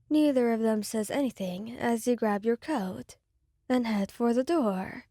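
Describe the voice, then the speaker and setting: Woman narrator for a sad ASMR fan story; quiet, mellow, close and dry. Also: on the high side, a little slow, no echo.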